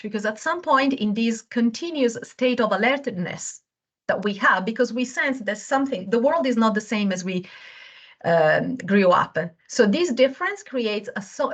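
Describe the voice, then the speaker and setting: A woman's voice: mid-range voice, a bit bright. Earnest woman explaining over a call. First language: not English. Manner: earnest, explains with home examples, searches for words. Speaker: webinar guest speaker. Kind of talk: explanatory talk. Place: home. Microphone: video call.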